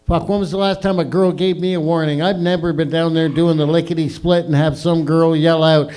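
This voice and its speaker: A man's voice: on the high side, little pitch movement, brisk, hardly any pauses, a faint crowd. Rowdy, foul-mouthed man hosting comedy night. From Canada. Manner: crude, loud and rowdy, swearing freely. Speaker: open mic host. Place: live comedy venue.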